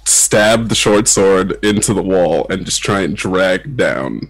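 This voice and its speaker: A man playing in a tabletop game, talking in an unhurried, playful way. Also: low voice, expressive, dry recording. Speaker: player.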